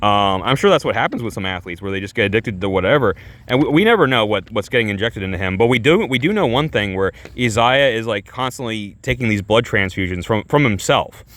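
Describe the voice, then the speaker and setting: A man's voice: on the low side, lively intonation, a little fast, fairly bright tone. A young adult man casually reviewing a movie, rambling with restarts, constant filler words and swearing.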